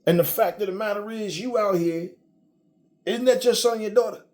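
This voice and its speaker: Male commentator, blunt profane rant, warm slightly high voice. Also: moderate pace. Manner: blunt, profane, repetitive restarts. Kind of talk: casual rant to camera.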